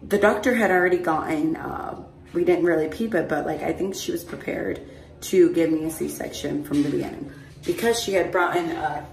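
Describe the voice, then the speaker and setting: Young female vlogger, casual rambling storyteller, lowish voice, recorded on a phone from across a roomy space. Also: normal speed, creaky. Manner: chatty, rambling, frequent "like" and "mind you". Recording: roomy echo, phone held at a distance.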